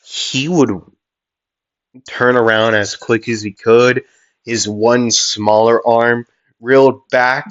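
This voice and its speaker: Slow, rambling male storyteller. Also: mid-range voice. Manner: rambling, with hesitations and sound effects. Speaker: fan storyteller. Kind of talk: improvised fan-fiction narration. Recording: dull lo-fi audio.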